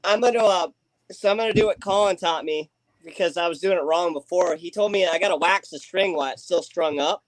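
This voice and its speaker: A man's voice: high voice, a little fast, rough recording. A man chatting casually on a livestream, rambling with lots of fillers while he waxes a bowstring. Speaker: livestream guest. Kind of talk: casual chat.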